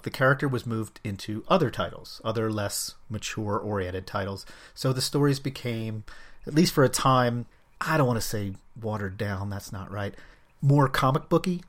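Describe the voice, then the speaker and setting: Guy with a lowish voice doing a solo comics podcast, dry jokey asides about himself. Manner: wry, self-mocking humor. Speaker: podcast host.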